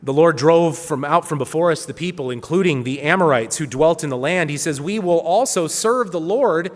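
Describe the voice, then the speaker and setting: A man's voice: on the high side, moderate pace, in a large hall. A man giving a sermon, reading scripture aloud with earnest, rising emphasis. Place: church hall.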